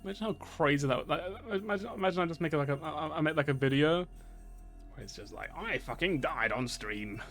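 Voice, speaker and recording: A man's voice: on the high side, fast talker, a bit bright. A young man streaming a game, rambling and stammering through fits of laughter. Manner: giddy, rambling, stammering, keeps laughing and repeating himself. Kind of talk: live gameplay commentary. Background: faint game music.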